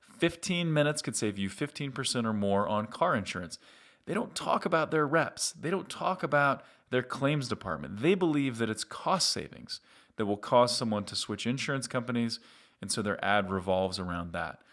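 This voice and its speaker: Middle-aged male host, upbeat conversational tutorial delivery, mid-pitched voice. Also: expressive, moderate pace, a bit bright. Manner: upbeat, conversational, direct to viewer. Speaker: marketing agency host. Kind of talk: explanatory marketing tutorial.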